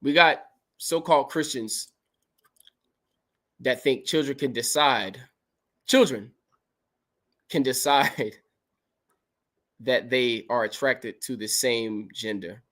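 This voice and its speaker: A man's voice: mid-range voice, takes it slowly, long pauses, fairly bright tone. A man hosting a livestream, reading Bible verses aloud and commenting on them in an emphatic, preachy way. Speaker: podcast host.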